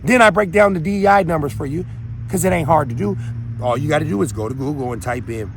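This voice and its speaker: Man, gravelly, fairly high voice, heated preachy host monologue, faint street noise behind. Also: quick pace. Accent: Minnesota. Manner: heated, preachy, rambling with restarts. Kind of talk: impassioned solo monologue.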